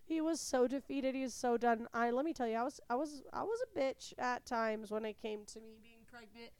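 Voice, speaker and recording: A young woman from California, a little under the weather, tells her story with blunt, swear-laden candor. Her voice sits a touch high and comes through smooth and clean. The sound is close and dry. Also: normal speed, dry recording. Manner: candid, swears freely, animated retelling. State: a little sick, voice slightly off. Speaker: podcast host. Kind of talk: casual confessional storytelling.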